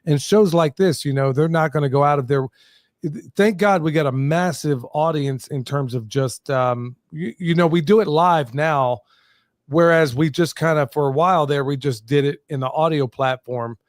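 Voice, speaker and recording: A man hosts a podcast, talking casually with lots of fillers and restarts. His voice sits a little high, and it sounds dry, with no room around it. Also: normal speed, dry recording. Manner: relaxed, rambling, many fillers. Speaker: podcast host. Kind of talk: casual chat.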